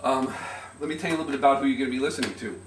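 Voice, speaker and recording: A middle-aged man gives an informal speech at a family gathering, a little nervous, telling anecdotes with stops, restarts and soft chuckles. He stands well back from the microphone, so his voice carries a roomy echo. There is a faint hum of ambience behind him. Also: medium pitch, rapid-fire. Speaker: family member giving a speech. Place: party room, indoors. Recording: echoey, distant amateur room recording.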